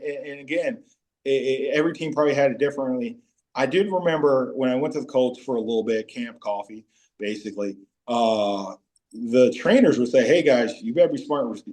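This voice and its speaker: A man in his forties, a former pro football player, telling animated stories as a podcast guest and breaking into high-pitched voices when quoting teammates. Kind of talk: casual storytelling interview.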